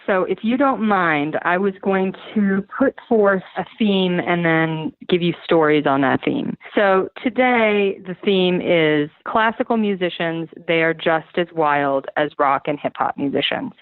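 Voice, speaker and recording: A woman's voice: fairly low pitch, measured pace, hardly any pauses, no echo. A woman calling in from a hotel room as a podcast guest, chatting with dry humor. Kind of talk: casual podcast chat. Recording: tinny phone line.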